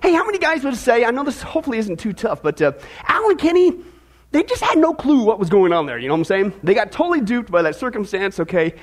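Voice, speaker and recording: A pastor preaches in a very high-pitched, very animated voice at a fast clip, joking with his congregation and speaking to them directly.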